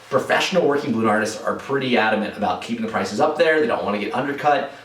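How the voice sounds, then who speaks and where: A man answering viewer questions as a balloon artist in a casual vlog. He rambles in a relaxed way, with many fillers and restarts. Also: mid-range voice. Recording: echoey room, voice from a distance.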